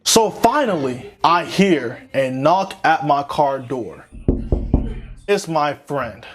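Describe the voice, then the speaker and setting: A young man telling a comic story in an animated way, swinging between loud panic and low mutters. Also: takes it slowly, noisy background. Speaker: comedic storyteller. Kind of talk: comedic skit narration.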